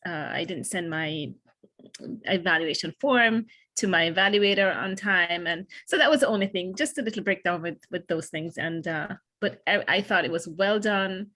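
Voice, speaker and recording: A woman's voice: fairly low pitch, moderate pace, pushed and bright. A woman taking part in an online meeting, reporting back casually on a video call, with a hesitant and rambling way of talking. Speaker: meeting participant.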